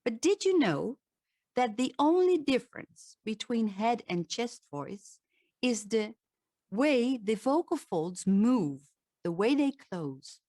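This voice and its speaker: A woman's voice: very animated, slow, mellow, no room sound, clean studio sound. A woman with a Dutch accent, a voice coach giving a talk and demonstrating vocal sounds. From Netherlands. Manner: demonstrative, shifts pitch to show examples.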